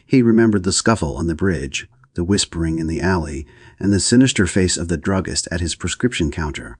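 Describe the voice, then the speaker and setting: A man reading a classic novel aloud as an audiobook narrator, in a steady, even manner. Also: sits low, a little fast, breathy edge, no room sound.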